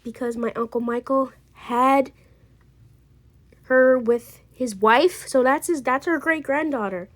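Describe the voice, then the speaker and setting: A woman's voice: sits high, slow pace. A woman voicing an anxious young wife and new mother who rambles and corrects herself, in an amateur role-play drama. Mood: explaining. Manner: rambling, trailing off, self-correcting.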